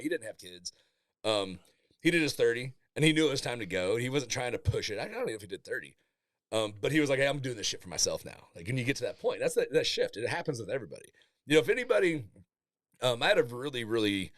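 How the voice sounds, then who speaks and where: Man in his forties, low voice, blunt and profane, laughs a lot, dry close mic. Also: dry recording. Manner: candid storytelling, swears freely, laughs often. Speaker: Navy master chief guest. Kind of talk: casual podcast chat.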